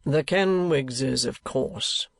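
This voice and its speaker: A man voicing a pompous, penny-pinching older male rate collector, slow and fussy in his talk. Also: medium pitch, no echo. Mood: anxious.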